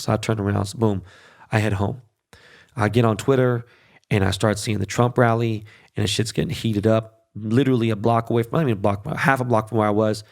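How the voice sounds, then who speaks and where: A man's voice: on the low side, steady tone, a little fast, vocal fry. A middle-aged man hosting a podcast, telling a casual story in a profane, emphatic, conversational way. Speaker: podcast host.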